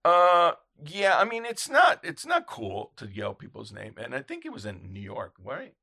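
Animated gravelly man telling stories. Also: moderate pace, no echo, studio quality. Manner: animated storyteller who acts out quotes in loud high voices. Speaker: red carpet photographer, guest. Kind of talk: casual chat, anecdotes.

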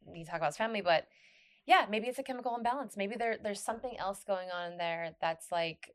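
A woman's voice: mid-range voice, quick pace. A woman co-hosting a podcast, talking in a loose, rambling way with many restarts. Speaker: podcast co-host. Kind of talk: casual chat.

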